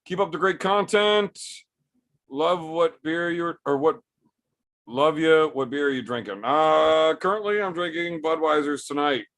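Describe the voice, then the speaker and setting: A man's voice: a little high, measured pace, a bit bright. Blunt, profane man chatting on a stream. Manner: profane, blunt, joking banter. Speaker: streamer reading live chat. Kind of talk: casual livestream chat.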